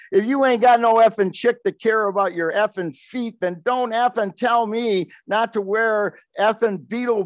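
Man playing a ranting teenage greaser boy, hotheaded, swearing, raised pitch, dry sound. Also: darkish tone, no echo.

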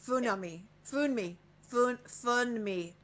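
A woman's voice: a little high, takes it slowly, a little hiss or hum. A woman sounding out names in casual comedic banter, exasperated, swearing and laughing. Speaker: name reader.

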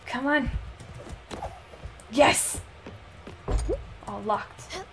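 A woman streamer giving casual let's-play commentary, excitable and chattering to herself as she plays. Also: sits high, drawn-out words, soft background music. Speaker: game streamer.

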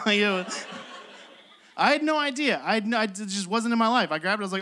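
A man's voice: high voice, lively intonation, quick pace, pushed and bright. A man in his twenties telling self-deprecating stories in a stand-up comedy set, laughing between lines. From West Virginia. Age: 20s. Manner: self-deprecating storytelling with lots of laughing asides. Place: comedy club stage with live audience.

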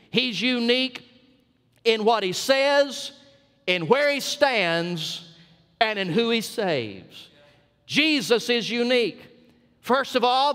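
A senior pastor with a South Georgia Southern accent preaches a sermon in a church sanctuary, his high-pitched voice fairly bright in tone. He's folksy and emphatic, stretching out his punch lines, and the recording carries long church reverb.

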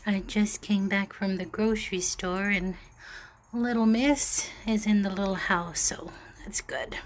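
Out in her backyard, a woman chats casually with her viewers and gently comforts a cat in labor as other cats meow in the background. Her medium-pitched voice stays steady and runs a little slow. The audio is poor.

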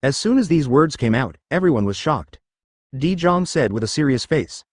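A man narrates a web novel in an even, machine-like way. His pitch rises and falls a lot. The sound is dry and close. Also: normal speed, dry recording. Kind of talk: text-to-speech novel reading.

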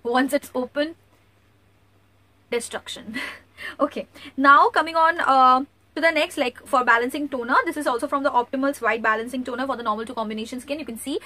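Excited high-voiced woman vlogger. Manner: excited and chatty, hurried. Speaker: beauty vlogger. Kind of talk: product haul review. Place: at home, near a bookcase.

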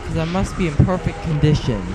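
Man, slightly higher voice, webcam rant at home, scornful and indignant. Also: a little fast, heavy background noise. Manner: indignant, scornful, keeps repeating "stupid". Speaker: channel host. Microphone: small webcam.

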